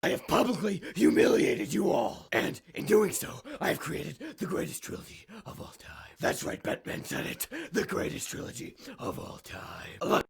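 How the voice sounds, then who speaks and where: A man doing a gravelly, boastful Batman. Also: high voice, huge pitch swings, moderate pace, few pauses, full character voice. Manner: boastful, refers to himself in third person. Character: pompous self-obsessed male superhero parody.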